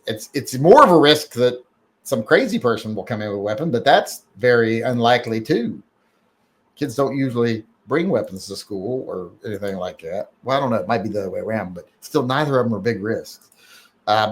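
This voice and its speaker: A man hosts a casual live stream, reading out emails and chat messages. He rambles and cracks jokes, stopping and restarting often, with a voice of ordinary middle pitch. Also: lively intonation, moderate pace. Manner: rambling, joking, many fillers and restarts.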